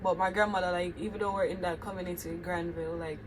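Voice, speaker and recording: A woman's voice: fairly low pitch, steady tone, quick pace, slight background noise, low-quality recording. A woman with a Jamaican accent talking to her viewers in a reflective, heartfelt vlog. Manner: earnest, heartfelt, addresses viewers directly. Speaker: vlogger.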